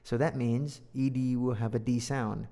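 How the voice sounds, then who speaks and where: A man's voice: medium pitch, fairly even intonation, moderate pace, creaky, warm tone. A man teaching English by reading a storybook aloud and explaining words and sounds with playful, jokey asides. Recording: long hall reverb.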